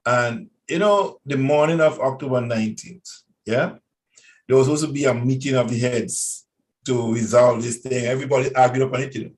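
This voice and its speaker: A man's voice: mid-range voice, a little fast, rough recording. Man, radio interview guest, earnest warning tone.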